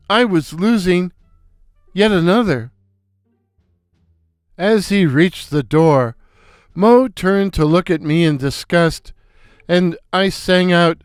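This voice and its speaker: A man's voice: high voice, smooth, no echo, clean studio sound. Older man narrating with wry asides. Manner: wry, self-mocking asides. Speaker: storyteller. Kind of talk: first-person story narration.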